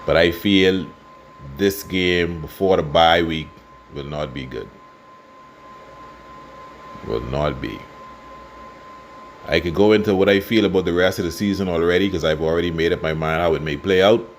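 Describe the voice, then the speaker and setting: A Bahamian man giving casual football commentary and predictions, passionate and quick to get worked up. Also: low-pitched, fairly even intonation, a little hiss or hum. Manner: passionate, gets worked up and loud. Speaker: sports fan vlogger.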